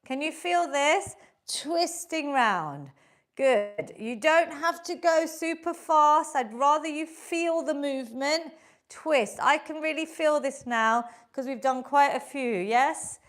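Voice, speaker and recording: A woman fitness instructor leading a live online workout class, encouraging and coaching through the moves while exercising, a little breathy. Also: high voice, lively intonation, slow.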